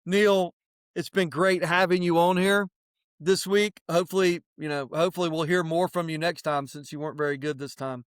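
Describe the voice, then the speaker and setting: A man co-hosting a podcast, giving animated, plain-spoken advice in casual chat with some mild swearing. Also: fairly high pitch, normal speed, smooth, no echo, studio quality. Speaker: podcast co-host.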